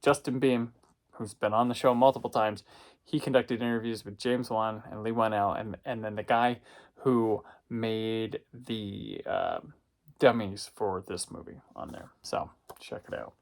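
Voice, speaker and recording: A man's voice: fairly low pitch, unhurried, creaky. A man who reviews home video discs, casually telling a rambling anecdote and often correcting himself as he goes. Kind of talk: casual storytelling.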